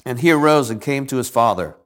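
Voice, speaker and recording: A man's voice: mid-range voice, lively intonation, fast. Older man teaching a Bible passage. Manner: asks the group questions, acts out quoted lines. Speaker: preacher. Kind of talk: Bible teaching with congregation responses.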